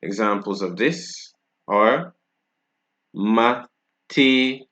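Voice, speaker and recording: A man's voice: fairly low pitch, expressive, takes it slowly. A man with a Barbadian accent, teaching a French pronunciation lesson in a casual, patient way and often checking in with tag questions.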